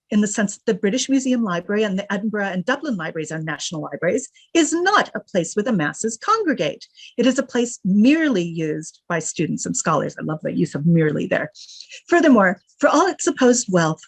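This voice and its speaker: Woman giving a lively, wry lecture. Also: fairly low pitch, no room sound. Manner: reads quotes with lively emphasis and wry asides. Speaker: guest lecturer. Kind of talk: academic lecture.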